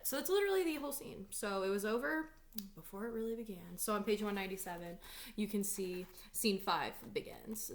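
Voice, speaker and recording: Chatty young woman teaching a lesson. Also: medium pitch. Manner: chatty, lots of likes and ums, dramatic when reading lines aloud. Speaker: English teacher. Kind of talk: casual read-aloud lesson.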